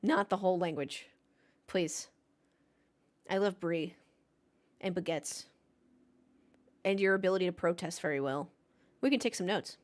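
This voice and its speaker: A woman's voice: lowish voice, measured pace, pauses often. A woman streaming a race watchalong, talking casually into a desk mic. She jokes around and answers her live chat in a playful, chatty way.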